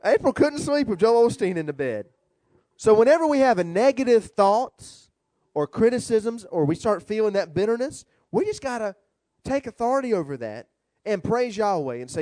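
A man who is a rabbi, preaching a sermon with animated, humorous storytelling. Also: high-pitched, a little fast, dry recording.

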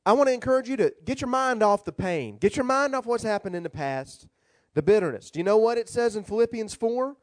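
Brief: male rabbi, funny storytelling sermon, very expressive swooping delivery. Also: extremely high pitch, a little fast, dry recording. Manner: animated, humorous storytelling preaching.

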